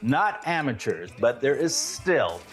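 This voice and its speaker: A man's voice: medium pitch, very animated, slow pace. Upbeat man hosting a streaming show. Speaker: show host. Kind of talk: scripted streaming roundup and casual chat.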